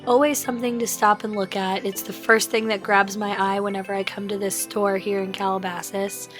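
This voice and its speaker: A woman with a raspy voice from laryngitis, chatting through a casual shopping vlog voiceover with lots of fillers. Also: medium pitch, little pitch movement, fairly quick, faint music behind. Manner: chatty, enthusiastic, many fillers. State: hoarse from laryngitis. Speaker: vlogger.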